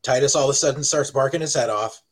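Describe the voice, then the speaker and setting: A man telling a story on a casual podcast, animated and swearing freely. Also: medium pitch, fast talker, low-quality recording. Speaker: podcast co-host.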